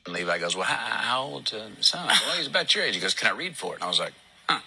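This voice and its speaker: A man's voice: fairly low pitch, sing-song, fast talker, gravelly, bright, forceful tone, husky. A man telling an amused, chatty story as an interview guest.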